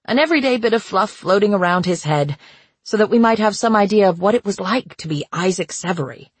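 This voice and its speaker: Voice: mid-range voice, expressive, breathy edge, dry recording, voice pushed up. A narrator voicing a nervous young male academic with a vaguely British accent. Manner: nervous, halting delivery.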